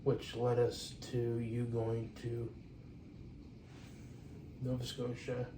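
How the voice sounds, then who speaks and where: A man co-hosts a home podcast, speaking in a flat, even tone and pausing often with "um" and restarts. He sounds far from the microphone in an echoey room. There is clear background noise. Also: mid-range voice. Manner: halting, frequent "um" restarts. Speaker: podcast co-host. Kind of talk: casual chat. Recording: roomy, distant mic with clear background noise.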